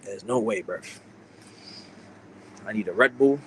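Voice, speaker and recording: A man's voice: lowish voice, unhurried, slight background noise. A young man hosting a livestream, ranting in slangy, exasperated, muttering casual talk. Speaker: livestream host.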